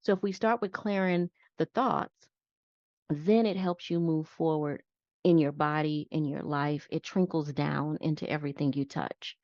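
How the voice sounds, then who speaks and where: Speaking deep and steady, unhurried, with a darkish tone, this woman is a psychiatric nurse practitioner guest explaining her work in simple, step-by-step terms. It's a conversational interview, captured with no echo in a dull, dry, lo-fi recording.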